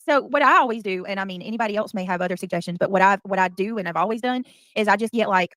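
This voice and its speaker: A woman's voice: medium pitch, rapid-fire, fairly bright tone, no echo. A woman hosting a livestream, reading comments and chatting in a bubbly, giggly way. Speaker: livestream host. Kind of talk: casual livestream chat.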